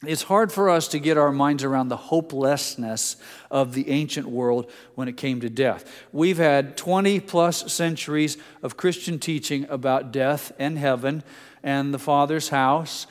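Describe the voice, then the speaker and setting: A male pastor preaching a sermon in a conversational way, mixing homely anecdotes with passages where he drops to a soft, hushed emphasis. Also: mid-range voice, measured pace. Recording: long hall reverb.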